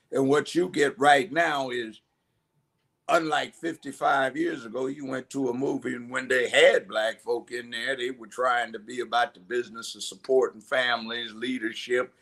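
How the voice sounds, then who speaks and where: A man's voice: mid-range voice, gravelly, a bit bright. An older man in his seventies from Los Angeles talks as an interview guest, emphatic and full of stories. His voice sits in an ordinary middle range, and he slips into other people's voices as he tells them. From Los Angeles, United States. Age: 70s. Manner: emphatic storyteller who acts out voices. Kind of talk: conversational interview.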